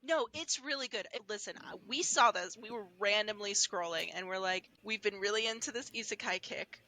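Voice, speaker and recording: A woman's voice: medium pitch, brisk, sharp tone. A woman in casual chat, gushing enthusiastically.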